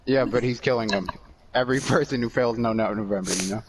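A man's voice: mid-range voice, quick pace, crowd noise. A man teasing his friends with dry jokes while setting up races in an online game. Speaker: gamer friend running the races. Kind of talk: casual gaming chat with friends. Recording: noisy voice chat with clicks.

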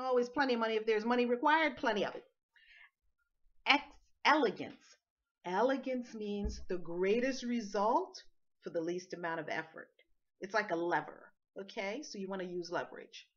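A woman's voice: medium pitch, a bit bright, highs cut off. A woman spiritual teacher giving a motivational talk, stressing words and chanting them in rhythm.

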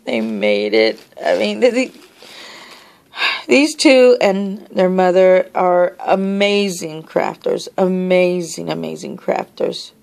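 Emotional woman vlogger, gravelly voice, slow rambling delivery. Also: fairly low pitch, animated. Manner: emotional, tearful, gushing; rambling with many restarts and soft asides. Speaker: vlogger opening happy mail. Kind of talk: casual vlog.

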